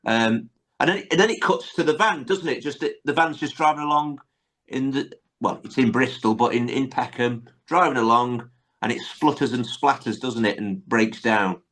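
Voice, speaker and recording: A man's voice: mid-range voice, normal speed, fairly bright tone. A man hosting a podcast, casually retelling sitcom scenes with many tag questions. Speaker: podcast host. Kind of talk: casual chat recapping a sitcom episode.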